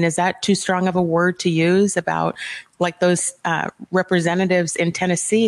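A woman's voice: lowish voice, poor audio. A middle-aged woman hosting a talk show, asking questions in a direct, opinionated way. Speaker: host.

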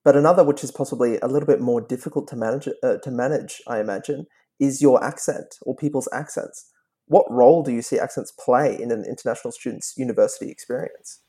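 Mellow-voiced man asking careful questions. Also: medium pitch, quick pace. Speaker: co-interviewer. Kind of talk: measured interview question.

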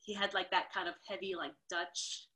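A woman from New York, a dancer and podcast guest, telling lively stories in casual conversation and acting out the people she quotes. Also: normal speed. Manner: animated, acts out quotes with big jumps in pitch. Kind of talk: casual storytelling interview.

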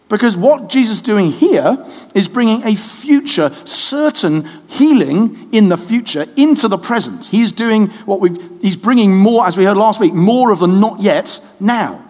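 Lively high-voiced preacher in echoing hall. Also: male voice. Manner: lively, conversational, jokes with the congregation. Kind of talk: sermon. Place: church hall. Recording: reverberant church hall.

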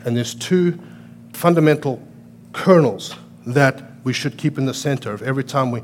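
A man preaching a sermon, swinging from loud, emphatic lines to quiet storytelling, with an accent that sounds foreign to American ears. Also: mid-range voice, normal speed, slight background noise. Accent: foreign to American listeners. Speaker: pastor.

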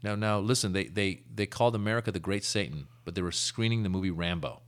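A man hosting a podcast, telling stories in an animated, casual way with frequent restarts. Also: low voice, fast talker. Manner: animated storyteller, many restarts. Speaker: podcast host. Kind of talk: casual conversation.

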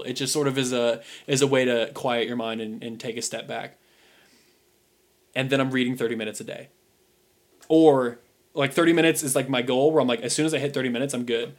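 Rambling young man chatting casually. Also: medium pitch. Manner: rambling, lots of "like" and "um" fillers. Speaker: podcast co-host. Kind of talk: casual chat.

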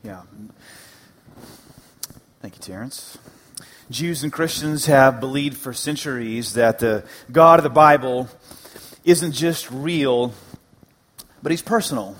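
A man preaching a sermon as the pastor, animated and joking, repeating words for emphasis. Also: mid-range voice, slow pace, long pauses. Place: church sanctuary.

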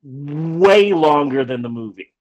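Animated storytelling man, fairly high voice. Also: slow pace. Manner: animated, acts out quoted lines; rambling with frequent restarts. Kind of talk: casual anecdote telling.

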